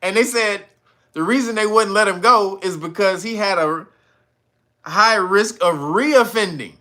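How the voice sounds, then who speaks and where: A man's voice: high voice, a little slow, bright, forceful tone. A man doing incredulous, sarcastic commentary on a news story, laughing and swearing as he mocks the officials. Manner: mimics officials in sarcastic voices.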